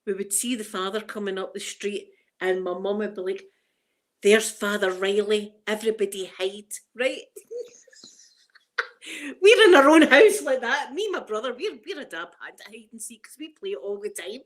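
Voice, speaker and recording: A middle-aged Scottish woman hosts a livestream, her medium-pitched voice sing-song at a normal speed. She rambles through funny stories in casual chat, laughing often.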